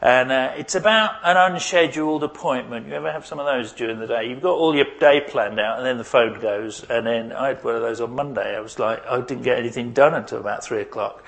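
A man preaches and prays in a conversational sermon, his voice sitting at an ordinary middle pitch. He keeps asking his congregation questions as he goes. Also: fairly quick, creaky, few pauses, a bit bright. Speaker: pastor. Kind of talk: sermon with prayer.

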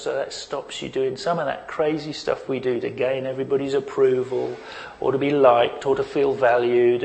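A man preaching a sermon as pastor, earnest and questioning, leading the listeners into a quiet reflection. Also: mid-range voice, vocal fry, rough recording.

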